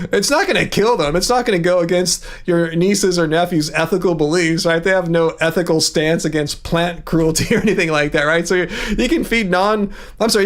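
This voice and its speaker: A man hosting a casual livestream. He rambles, chuckles often and drops animated asides. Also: high voice. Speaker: livestream host.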